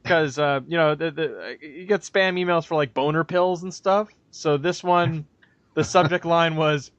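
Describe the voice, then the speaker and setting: A man's voice: a little high, a little slow, fairly bright tone, no room sound, dull audio. A man co-hosting a podcast in casual chat, rambling and profane, with frequent restarts and acted-out quotes. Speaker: podcast co-host. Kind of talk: casual chat, movie review.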